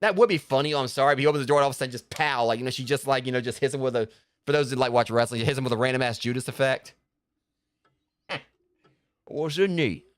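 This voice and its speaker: Talking rapid-fire in a smooth, mid-range voice, a man streams a video game and rambles casually about it. His commentary is loaded with filler words and restarts.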